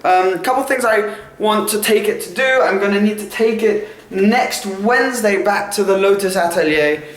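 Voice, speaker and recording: A young man with an English accent chatting casually to camera at home as a vlogger, excitable and self-mocking. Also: high voice, normal speed. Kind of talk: casual vlog chat to camera. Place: home, kitchen indoors. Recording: roomy echo.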